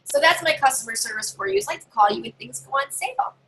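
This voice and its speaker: Chatty woman coaching other party sellers, bright highish voice, lively. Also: fast talker, slight background noise, poor audio. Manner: chatty and animated, acting out customers' lines. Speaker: home party sales consultant. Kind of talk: casual training talk to fellow sellers.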